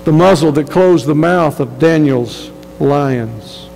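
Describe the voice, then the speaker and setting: A man's voice: on the high side, slow pace, vocal fry, a little mellow, in a large hall, a little hiss or hum, rough recording. A man preaching a sermon as pastor, earnest and emphatic, often repeating words as he restarts a phrase.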